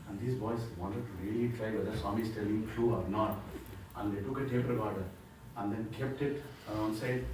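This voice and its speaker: A man's voice: on the low side, a little mellow, distant mic, a little hiss or hum. A man gives a devotional talk, telling stories and asking the listeners rhetorical questions. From India. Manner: storytelling with acted quotes, preacher's rhetorical questions. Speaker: spiritual speaker. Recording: echoey hall, mic heard from afar.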